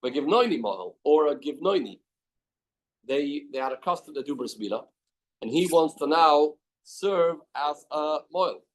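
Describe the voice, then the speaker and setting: A man's voice: on the high side, lively intonation, normal speed. A man teaching a Talmud class in a study hall, reading out the text and then explaining it plainly with many questions.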